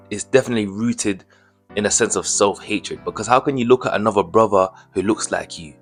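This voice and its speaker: A young man giving casual commentary as a vlogger, indignant and slangy, firing off rhetorical questions. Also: lowish voice.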